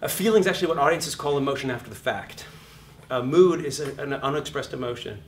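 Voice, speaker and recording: Loud swearing acting teacher guy, acts out scenes, kinda far off the mic in a roomy hall, light hum behind. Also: mid-range voice, fast talker. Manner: profane, acts out voices and shouts mid-talk. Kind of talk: animated lecture acting out scenes. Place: lecture room. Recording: echoey room, heard from off mic.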